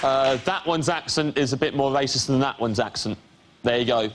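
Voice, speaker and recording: A man's voice: medium pitch, normal speed, some chatter behind. A man doing punchy improvised comedy lines on a panel show, with a studio audience heard. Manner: lively, punchy delivery. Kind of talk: stand-up improv. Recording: loud studio audience and noise.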